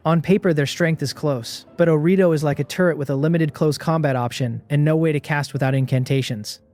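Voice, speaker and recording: A man giving a scripted first-person story recap, steady and measured, in short even sentences. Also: fairly high pitch. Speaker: recap narrator.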